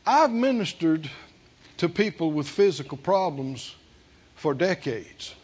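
Slow, chuckling older preacher. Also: male voice, a little high, very animated, darkish tone, breathy edge, dull audio. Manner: drawling, chuckles often. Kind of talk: sermon.

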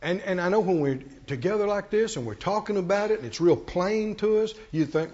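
High-pitched preacher, shouting and hushed. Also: male voice, expressive, highs cut off. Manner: dramatic storytelling, swings from loud shouting to low murmur; acts out the characters' lines in quick voices. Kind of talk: sermon.

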